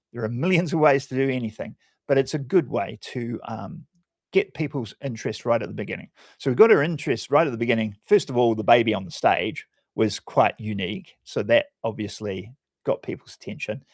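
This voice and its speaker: A man's voice: medium pitch, brisk, a little mellow, no room sound, studio quality. A man working as a public speaking coach, explaining his analysis of a talk on a community call in a conversational way, often hesitating and restarting phrases.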